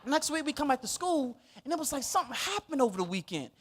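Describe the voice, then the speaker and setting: High-voiced animated preacher man. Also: fast. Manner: animated, laughing storyteller. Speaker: pastor. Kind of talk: sermon storytelling.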